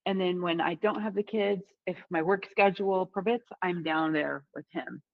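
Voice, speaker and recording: A woman with a fairly low voice chats openly on a podcast, swearing casually and laughing as she goes. The sound is a little muffled and lo-fi. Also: normal speed, creaky, no echo. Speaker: podcast co-host.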